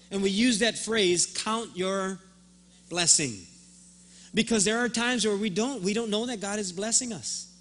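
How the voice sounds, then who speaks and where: Male pastor, sermon delivery, high bright voice, animated storyteller who voices both sides of a dialogue, faint hum behind. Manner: repeats words when starting a thought.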